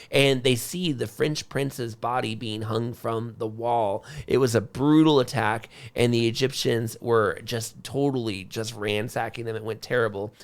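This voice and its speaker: Gravelly-voiced man telling history casually. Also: mid-range voice. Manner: conversational, acts out quotes in a lively way. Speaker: podcast co-host. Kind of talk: casual storytelling about history.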